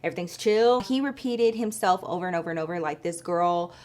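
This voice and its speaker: A woman telling a story to her viewers in a chatty, animated way, full of likes and you-knows. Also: on the low side, a little fast. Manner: chatty, animated, addresses viewers as girl and y'all. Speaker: storytelling vlogger. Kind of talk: casual storytime.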